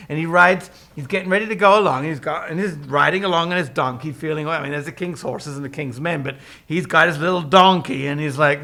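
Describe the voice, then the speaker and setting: A man retelling a Bible story in a casual, animated way, laughing often and breaking into character voices. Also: high-pitched, moderate pace.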